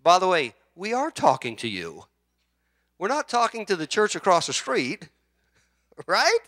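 A middle-aged man, a pastor, preaching a sermon in an animated, conversational way, firing off rhetorical questions. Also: sits high, moderate pace, no echo, studio quality.

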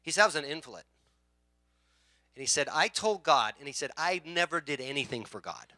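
A man preaching a sermon as pastor, telling a story with acted-out voices and swinging from quiet asides to loud shouts. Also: on the high side, expressive, a little fast, no echo.

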